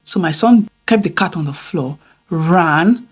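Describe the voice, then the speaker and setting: Woman vlogger, middle-aged, low husky voice, chatty storyteller who swings from loud to hushed. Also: measured pace. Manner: animated, swings between loud exclamations and hushed near-whispers. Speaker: vlogger telling a family story. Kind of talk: casual storytelling to camera.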